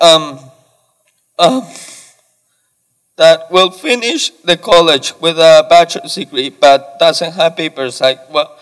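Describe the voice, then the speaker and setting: A young Ecuadorian man in his 20s stands at the audience mic in a large lecture hall, near tears as he asks an emotional question from the floor. His fairly high, slightly bright voice comes out halting and apologetic, with frequent pauses. The reverberant room adds heavy echo.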